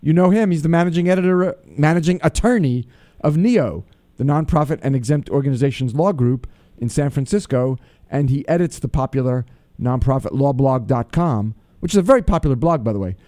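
A chatty male radio host with a fairly high, mellow voice that swings up and down with lots of lively energy. He rattles through shout-outs and plugs in an upbeat, playful way, and the studio sound is dry and close. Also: brisk, dry recording. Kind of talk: casual radio talk.

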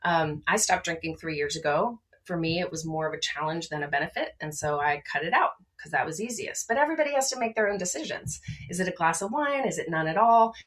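Emphatic, energetic Maryland woman. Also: on the low side, fast, few pauses. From Maryland, USA. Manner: energetic, emphatic, rhetorical "right?" asides. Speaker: guest, wellness advocate. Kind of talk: podcast conversation.

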